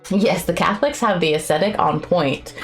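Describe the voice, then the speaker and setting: A woman artist chatting casually on a co-working livestream, effusive and excitable, sometimes breaking into high squeals. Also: moderate pace, music in the background. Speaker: artist streaming a co-working session.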